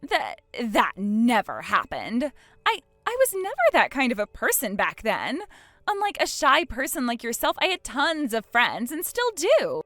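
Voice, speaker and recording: Woman plays a snooty bride with a high, swooping, mocking voice, over dry audio with soft music. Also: wildly swooping pitch, a little slow, no room sound, heavily acted. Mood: defensive. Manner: sneering and haughty, breaking into mocking laughs. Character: arrogant, mocking young bride who sneers at her friend. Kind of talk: dramatized text-message story.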